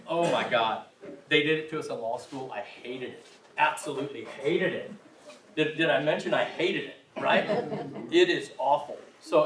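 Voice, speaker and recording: A man's voice: mid-range voice, a bit bright. A man teaching a language class, chatty and informal, often checking in with his students. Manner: chatty, frequent "right?" check-ins, self-deprecating. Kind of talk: classroom instruction. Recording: roomy, distant, faint hiss.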